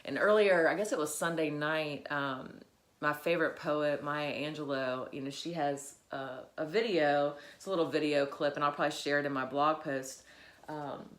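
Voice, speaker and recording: A woman with a low voice shares a personal reflection on her faith, pausing often and filling gaps with soft hesitations. The room around her is echoey, so her voice rings a little off the walls. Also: fairly even intonation. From Virginia, USA. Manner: halting, many fillers, grows emotional. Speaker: vlogger.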